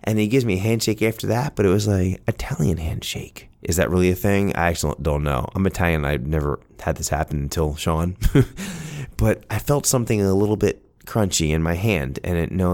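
A man's voice: deep voice, brisk, darkish tone. Earnest man telling a personal story. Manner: earnest, heartfelt, conversational.

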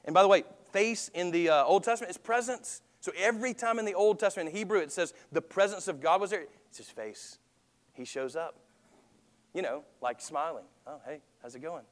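A man's voice: high-pitched, fairly quick, big-room sound. A man preaching a sermon as pastor, talking conversationally and asking the congregation questions.

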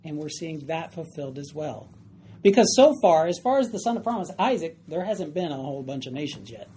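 A woman's voice: sits low, very animated, brisk, warm tone, a little hiss or hum. A woman teaching a Bible study class, emphatic and often questioning her group.

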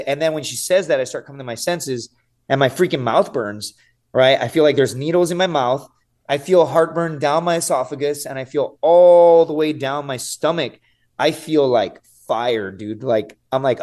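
A man's voice: mid-range voice, a little fast, darkish tone. A man in his thirties, a guest on a podcast, telling a story casually and with animation, swearing freely and often saying "dude" and "right?". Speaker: podcast guest, survival show contestant.

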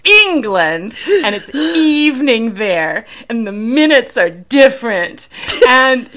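Lebhafte, kichernde Moderatorin. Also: female voice, on the high side, sing-song, slow pace, pushed and bright. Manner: giggly, rambling, self-deprecating. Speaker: podcast co-host. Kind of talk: casual chat.

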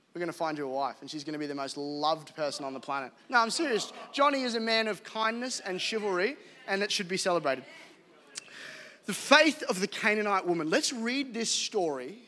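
A man with an Australian accent preaching a live sermon as pastor, animated and jokey, laughing at himself. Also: high-pitched. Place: church hall. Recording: live hall reverb with faint music.

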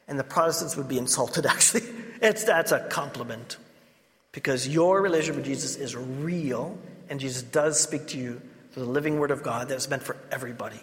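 Preaching priest in a reverberant hall. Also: male voice, fairly high pitch, normal speed, fairly bright tone. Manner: storytelling, with laughing asides. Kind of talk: preaching a sermon.

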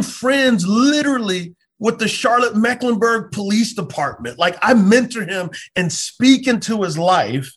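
Earnest, animated storytelling pastor. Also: male voice, high-pitched, a little slow, few pauses, breathy edge. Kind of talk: conversational storytelling.

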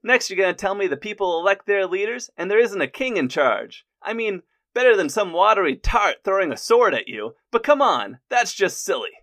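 A man's voice: high voice, sing-song, moderate pace, hardly any pauses, fairly bright tone, no room sound, clean studio sound, voice pushed up, heavily acted. A man voicing a mocking, incredulous male Prussian gate guard in an odd put-on accent. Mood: scoffing.

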